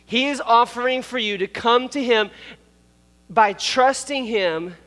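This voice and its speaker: A man in his thirties, miked up on a church hall stage, preaches a casual, playful youth sermon with asides and laughs. His voice is very high-pitched and unhurried, with a long reverb tail and heavy background noise.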